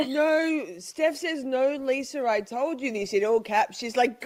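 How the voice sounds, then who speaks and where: A woman hosting a casual stream, chatting with viewers in an animated, playful, mock-dramatic way. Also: sits high, moderate pace, hardly any pauses, dry recording. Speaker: livestream host. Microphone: phone.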